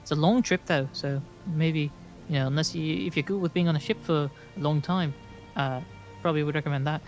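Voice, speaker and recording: A man's voice: a little high, fairly quick, faint music behind, lightly acted. A man voicing a chatty female plant-creature innkeeper with a put-on Scottish accent, speaking in a sing-song way. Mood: friendly. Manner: sing-songy, helpful.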